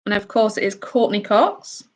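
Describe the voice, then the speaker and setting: A woman's voice: medium pitch, animated, normal speed. A woman from the UK hosting a casual quiz, reading out each question and answer with chatty asides. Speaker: quiz host.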